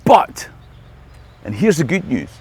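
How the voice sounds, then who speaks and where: A man's voice: fairly high pitch, big pitch swings, slow, a little mellow, husky. A middle-aged Scottish man, a history tour guide, delivering a scripted video monologue in a wry, joking way. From Scotland.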